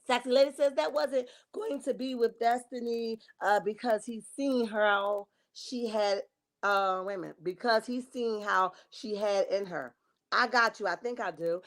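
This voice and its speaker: Woman, livestream host, sassy gossip, slightly high voice, says honey and baby a lot. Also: normal speed. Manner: reenacts dramatic quotes. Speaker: livestream host reading chat. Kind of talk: casual gossip chat.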